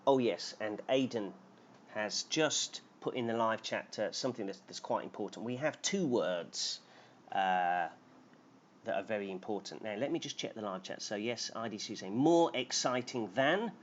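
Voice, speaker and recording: A man's voice: fairly low pitch, lively intonation, moderate pace. A man teaching English grammar on a live stream, explaining patiently and reading out names from the chat. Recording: dull lo-fi stream audio with faint noise.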